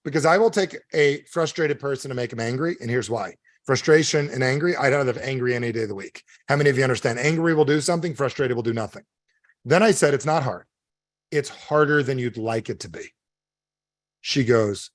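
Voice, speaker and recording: A man's voice: mid-range voice, fast, dry recording. A middle-aged man giving a live coaching talk as a motivational speaker, emphatic and constantly quizzing his audience with questions.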